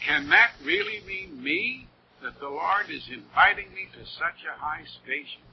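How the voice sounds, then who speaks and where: Old lo-fi sermon, man preaching slow and earnest, voice swings up and down a lot. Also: high voice, very animated, vocal fry. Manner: earnest, slow and heartfelt, with rising emphasis. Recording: dull lo-fi old recording with faint noise.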